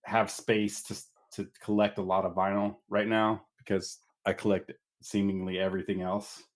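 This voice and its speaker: A man's voice: lowish voice, little pitch movement, normal speed. A man co-hosting a podcast, chatting casually in a rambling, easygoing way. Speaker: podcast co-host. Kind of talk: casual chat.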